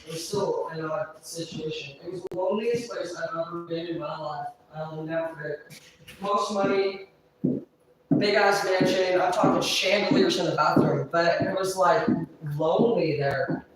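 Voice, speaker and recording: A woman's voice: on the low side, moderate pace, background noise. A woman telling a long story on a livestream in a rambling, profane way, swearing constantly. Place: indoors, live stream. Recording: roomy echo, distant mic.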